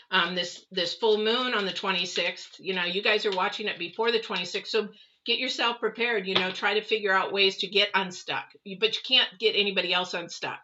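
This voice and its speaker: A woman's voice: medium pitch, pushed and bright, dull audio, a little hiss or hum. A middle-aged woman doing a live tarot reading, chatty and rambling, talking straight to her viewers. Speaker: tarot reader.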